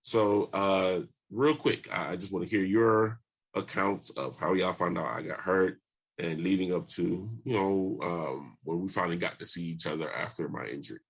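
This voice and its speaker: Deep gravelly man hosting a podcast. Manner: unhurried, halting with frequent fillers. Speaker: podcast host. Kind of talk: casual podcast chat.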